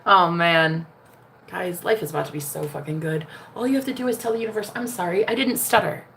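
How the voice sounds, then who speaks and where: A woman's voice: on the low side, lively intonation, normal speed, vocal fry, long pauses, fairly bright tone, slight background noise. An American woman, a spiritual manifestation coach, talking brashly and profanely in a casual livestream.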